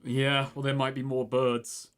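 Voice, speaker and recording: A man's voice: mid-range voice, completely flat delivery, unhurried. A man playing a tabletop role-playing game, joking, grumbling and swearing in casual chat. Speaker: player.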